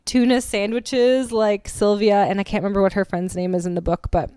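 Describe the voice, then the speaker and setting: A woman's voice: medium pitch, level tone, brisk, mellow, smooth, dry recording, clean studio sound. A woman co-hosting a casual book club podcast, chatty and laughing often as she acts out quotes. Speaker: podcast co-host.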